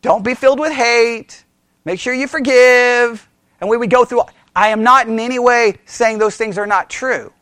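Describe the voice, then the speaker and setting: A man's voice: extremely high pitch, moderate pace, a bit bright, smooth, no room sound. A man preaching as a pastor, in a conversational way, quizzing his listeners with questions and often restarting his sentences. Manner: frequent self-corrections and restarts. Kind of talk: sermon.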